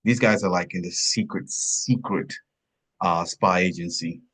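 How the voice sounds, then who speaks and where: Guy cohosting a movie podcast, lowish voice, rambly, keeps saying and stuff like that. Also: steady tone, measured pace, a bit bright, husky. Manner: rambling, often adds "and stuff like that". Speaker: podcast co-host. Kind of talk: casual film review chat. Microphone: video call.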